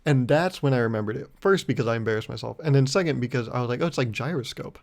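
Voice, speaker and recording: A man's voice: mid-range voice, lively intonation, very fast, gravelly, darkish tone. A young man hosting his own podcast, telling a story in a rambling, self-mocking way. He laughs often and slips into mock-indignant rants. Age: young adult. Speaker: podcast host. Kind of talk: casual solo podcast monologue.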